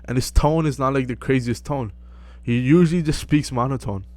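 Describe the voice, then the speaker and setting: A young man giving casual self-improvement advice to camera, relaxed and full of fillers, often checking in with "right?". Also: medium pitch, normal speed, no echo. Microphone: close mic.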